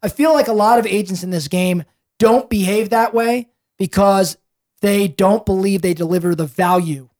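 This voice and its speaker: A man speaks as a podcast guest, telling a story in a loose, rambling way. He is animated and restarts his sentences often. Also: sits high, moderate pace.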